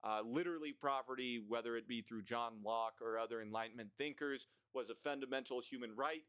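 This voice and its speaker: A young man rattles off his grievances in a blunt, profane, rambling manner, stopping often for fillers and restarts. His voice is smooth and clear, at a middle pitch. The recording is dry and close, with almost no room sound. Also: a little fast, fairly bright tone, no room sound. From United States. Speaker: vlogger. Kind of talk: ranting list monologue.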